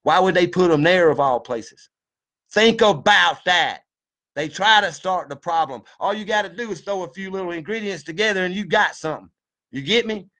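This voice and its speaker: Guy going off in a vlog rant, preachy, cussing, kinda high voice. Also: lively intonation, moderate pace, pushed and bright. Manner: fired-up, preachy, swears a lot, folksy. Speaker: video commentator. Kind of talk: impassioned monologue.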